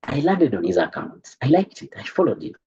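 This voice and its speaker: A man coaching a group on business, in an animated, preachy way that stumbles and repeats words, heard over an online call. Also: medium pitch, a little fast, breathy edge, muffled recording. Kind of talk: motivational talk to a group.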